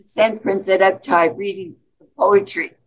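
A woman's voice: medium pitch, steady tone, unhurried, low-quality recording. A woman appearing as a guest poet, talking about her poetry and reading it aloud, sometimes hesitating as she searches for words. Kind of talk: interview conversation and poetry reading.

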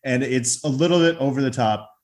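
A man's voice: medium pitch, a little fast, a little mellow. A man casually recapping a favorite comedy film scene, chatty and full of restarts. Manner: chatty, retells scenes with acted quotes. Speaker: film commentator.

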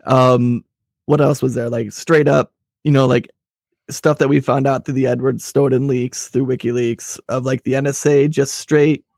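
Gravelly man in casual profane chat. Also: medium pitch, level tone, moderate pace, darkish tone, no echo, studio quality. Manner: rambling, profane, crude. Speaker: podcast co-host.

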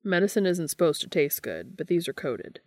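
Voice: mid-range voice, big pitch swings, normal speed, dry recording, clean studio sound, close to an everyday voice. A reader voicing a cocky adult man who talks casually and teases, in a fan fiction audiobook reading. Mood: teasing. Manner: casual and teasing. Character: cocky, joking adult male hunter.

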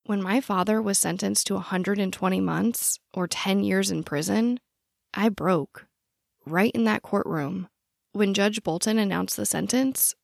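A woman narrating a true-crime story in a measured, personal scripted style. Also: mid-range voice, gravelly, no room sound, studio quality.

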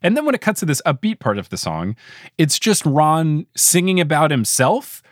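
A man in his late twenties hosting a casual podcast, joking and animated. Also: normal speed, no room sound, studio quality. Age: 20s. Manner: animated, jokey, swings pitch up and down. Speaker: podcast host.

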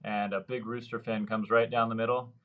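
The sound is phone quality, and the man's lowish voice moves a little fast. A surf fishing guide in his thirties, he chats through stories in a podcast interview with lively energy, voicing each person's lines.

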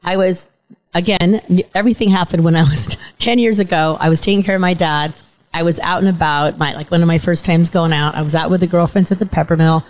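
Chatty middle-aged woman host, lowish voice. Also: steady tone, brisk, poor audio. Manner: chatty, warm storytelling with occasional stutter. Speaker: talk show host. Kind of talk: casual interview chat.

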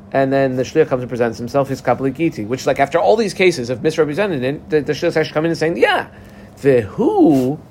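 A man teaches a Talmud class in a relaxed, lively way. He breaks into little acted-out voices for the people in the case. His voice sits in a middle pitch, a faint hiss of noise behind it. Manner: animated, acts out the parties in a dialogue. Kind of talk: casual Talmud class explanation.

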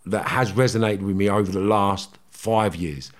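A man, a guest telling blunt, animated stories in a casual interview and swearing freely. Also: lowish voice, normal speed.

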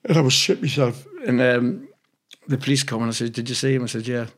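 Talking a little fast at medium pitch, this interview guest from England rambles through casual stories. He swears freely and performs the dialogue of the people he quotes.

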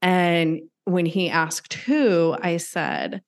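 A middle-aged woman, a guest on the show, tells the personal story of losing her pet in candid conversation. Earnest and emphatic, she acts out what people said, speaking at normal speed in a fairly low, expressive voice.

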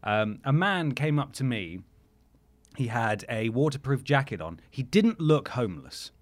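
A young man telling a story on a podcast, his pitch rising and falling in a lively way. He talks casually and mockingly about himself. He acts out the lines of the people in his story. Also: unhurried. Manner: animated, self-mocking, acts out quotes. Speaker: podcast host.

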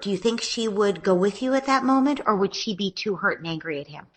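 A woman, a parenting expert, calmly explaining what parents can say to children who are fighting. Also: medium pitch, fairly quick. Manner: calm, explanatory, acts out gentle parent lines. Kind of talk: advice conversation.

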